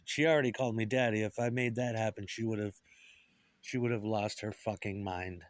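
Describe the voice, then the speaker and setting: A man's voice: fairly low pitch, steady tone, a little fast, no room sound. A middle-aged man talking bitterly and profanely in a rambling monologue about guitar and his past. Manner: profane, bitter, puts on voices for quoted people.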